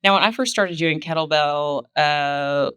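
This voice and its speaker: A woman, a kettlebell athlete, talking through her career in a relaxed way with lots of fillers on a podcast. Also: sits low, unhurried, clear, resonant tone, no room sound. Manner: laid-back storytelling with many fillers. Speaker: guest, kettlebell sport athlete. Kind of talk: casual podcast conversation.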